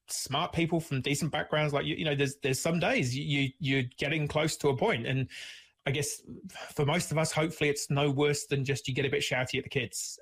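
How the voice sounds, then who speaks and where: A man's voice: mid-range voice, fairly bright tone. A man hosting a casual conversational interview, rambling with many restarts and filler words. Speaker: podcast host.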